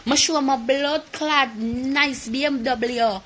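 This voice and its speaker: A woman with a Jamaican accent ranting to her viewers in a live video, with an animated, profane, heated storytelling manner. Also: sits high, slow, hardly any pauses, a little hiss or hum. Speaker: vlogger.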